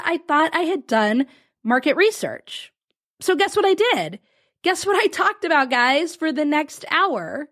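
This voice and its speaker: A woman hosting a solo business podcast, telling a client story with frequent laughs and acted-out quotes. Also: very high voice. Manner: animated, laughs often, acts out quoted clients. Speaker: podcast host and business coach.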